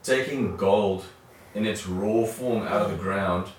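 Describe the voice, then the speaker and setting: Man, low voice, hesitant restarts, group sharing, distant, very echoey room. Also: slow pace, slight background noise. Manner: hesitant, restarts and repeats words. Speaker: participant in a church study group.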